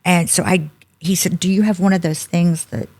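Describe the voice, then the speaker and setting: Low-voiced woman telling a story. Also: moderate pace. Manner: animated storyteller acting out quoted dialogue. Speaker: podcast guest. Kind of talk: storytelling interview.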